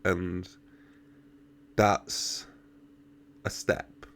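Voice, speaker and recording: A man's voice: sits low, level tone, extremely slow, creaky, fairly bright tone. A man giving casual reaction commentary, chatting, laughing often and talking back to the characters on screen. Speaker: reaction video host.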